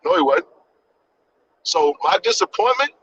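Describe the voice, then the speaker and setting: A man's voice: high voice, sing-song, measured pace, a bit bright, a little hiss or hum. A man hosting a podcast live stream, ranting passionately, repeating his points and swearing for emphasis like a preacher. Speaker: podcast host. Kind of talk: impassioned live-stream rant. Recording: dull lo-fi live-stream audio.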